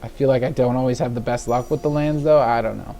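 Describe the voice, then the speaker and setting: A man hosts a card game video, rambling casually through his deck and gameplay and chuckling at his own slips. He sounds a little tired and yawns now and then. His medium-pitched, mellow voice is fast and fairly even, with slight background noise.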